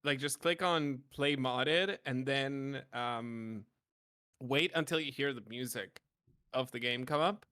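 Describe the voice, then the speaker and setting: A man's voice: mid-range voice, slow pace, sharp tone, clean tone, no room sound, clean studio sound. A man in casual gaming voice chat, patiently walking a friend through setup step by step. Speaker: player helping a friend set up game mods.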